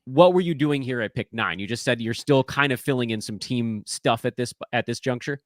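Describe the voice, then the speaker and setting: A man hosting a casual fantasy sports podcast, asking questions in a lively, joking, self-deprecating way. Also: medium pitch, fairly quick, no echo, studio quality. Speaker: podcast host.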